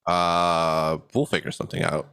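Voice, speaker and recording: A young man co-hosting a podcast in a relaxed, chuckling chat full of fillers. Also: low voice, unhurried, smooth. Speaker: podcast co-host and editor.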